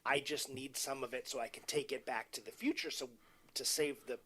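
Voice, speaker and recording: A man's voice: mid-range voice, fairly even intonation, a little fast, sharp tone. A man casually discussing a film on a podcast, agreeing often and acting out the characters' lines. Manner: agreeable, chimes in, acts out quoted dialogue. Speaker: podcast co-host. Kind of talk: casual movie commentary chat.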